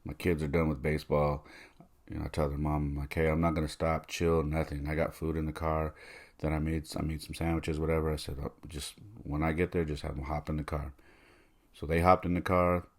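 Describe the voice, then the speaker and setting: A man's voice: extremely low pitch, little pitch movement, fairly quick. A middle-aged man hosting a podcast, telling a personal story in a casual, conversational way and acting out the voices of the people he quotes. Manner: conversational, many fillers, acts out quoted voices. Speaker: podcast host.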